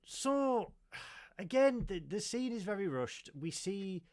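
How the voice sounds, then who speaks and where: Male podcast co-host, slightly raised pitch, animated retelling with quotes. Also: slow. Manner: animated, retells scenes with quoted lines, laughs often. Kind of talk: casual chat reviewing a film.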